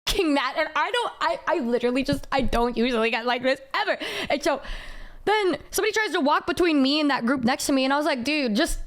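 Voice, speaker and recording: High-voiced young woman telling a story. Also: fast talker. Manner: animated, heavy swearing, quotes people in raised voice. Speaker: streamer. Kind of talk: casual storytelling on stream.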